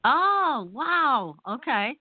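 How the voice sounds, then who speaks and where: A woman's voice: sits high, big pitch swings, extremely slow, dry recording. A woman hosting an interview, asking questions and reacting with encouraging exclamations. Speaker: interview host. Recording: dry, tinny phone-line sound.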